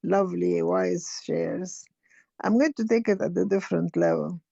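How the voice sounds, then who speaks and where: Older Egyptian woman, gravelly and dark. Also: lowish voice, normal speed, no room sound, muffled recording. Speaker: guest speaker. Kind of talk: casual online discussion.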